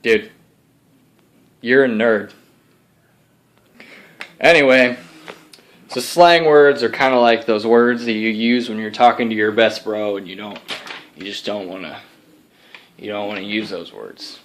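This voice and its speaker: A man's voice: lowish voice, measured pace, long pauses, slight background noise, pitched below the performer's own voice. A young man voicing his laid-back Texan alter ego, a slangy bro who drawls and lectures with "dude" and "bro". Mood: cocky. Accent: Texas. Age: young adult.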